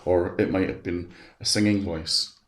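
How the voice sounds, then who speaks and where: A man presenting a webinar, chatting through a live software demonstration step by step at his computer. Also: low-pitched, fairly even intonation, unhurried. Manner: chatty, walks through steps aloud. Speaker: education specialist presenting a webinar. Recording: roomy echo.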